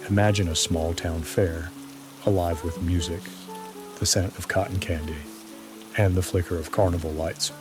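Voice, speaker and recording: Deep-voiced man narrating a horror story. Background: rain.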